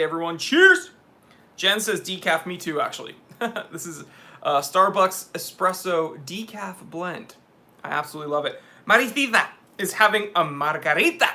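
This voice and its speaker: A man hosting a live question-and-answer stream, reading viewer comments aloud in an excitable, laughing way. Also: high-pitched. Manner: hyped and excitable, laughs often. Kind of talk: casual livestream chat, reading viewer comments.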